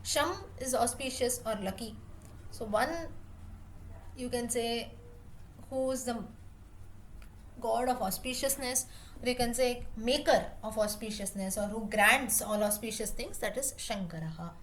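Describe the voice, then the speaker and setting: A woman leads a lesson, going over each word patiently and restating it in different ways. Her voice sits a little high, and a faint hiss runs under the recording. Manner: patient, repeats terms and pauses to rephrase. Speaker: Sanskrit teacher. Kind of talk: explaining word meanings in a class.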